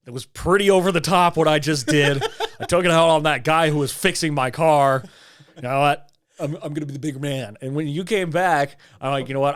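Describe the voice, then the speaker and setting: A man co-hosting a podcast, telling a long dream story in animated, swearing, laughing casual chat. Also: on the high side, fairly quick, smooth. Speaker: podcast co-host.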